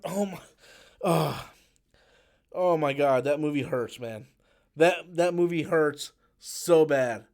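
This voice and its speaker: A man's voice: a little high, takes it slowly, long pauses, darkish tone. A man ranting on a live stream about a film he hates, swearing often and mocking its lines in exaggerated voices. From United States. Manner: profane, exasperated ranting with mocking quotes. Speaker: YouTube movie commentator.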